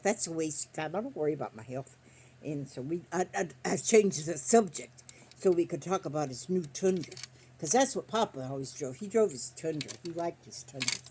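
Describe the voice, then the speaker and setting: Her voice is low, darkish, and a little rough. She's an older woman vlogging while she sews quilt squares, casually chatting and wandering through folksy tales in a country way, captured on a phone set on a stand.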